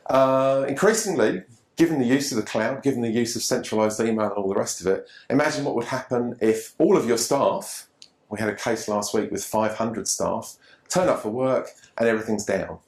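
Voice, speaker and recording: A man's voice: medium pitch, moderate pace. A man gives a seminar talk on online safety to a live audience, casual and conversational, with frequent restarts. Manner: conversational, repeats words and restarts often. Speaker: presenter from an online safety group. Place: meeting room with live audience. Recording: echoey room.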